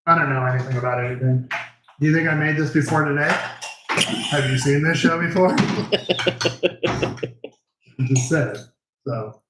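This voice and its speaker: A man's voice: fairly high pitch, unhurried, long pauses, roomy sound, very noisy. A man in his thirties hosting a live cooking show, joking and chatting in a kitchen. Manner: joking, chatty, wraps up with sign-off. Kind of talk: casual chat. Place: home kitchen.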